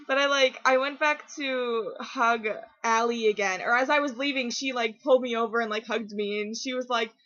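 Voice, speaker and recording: A teenage girl chatting casually to her camera at home, rambling and excitable, full of fillers and restarts. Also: a little high. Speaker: vlogger. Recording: dull lo-fi webcam audio.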